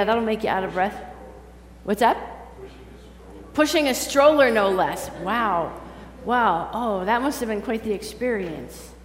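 A woman reading scripture and then giving a conversational sermon in a church, chatting with the congregation and asking them questions. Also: on the high side. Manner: chatty, quizzes the congregation directly. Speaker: preacher. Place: large church sanctuary. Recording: echoey hall with faint hum.

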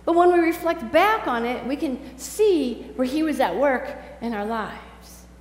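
A woman pastor preaching a sermon in a conversational, animated storytelling way. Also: high voice, a little slow, echoey room, big-room sound, slight background noise, poor audio. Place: church sanctuary.

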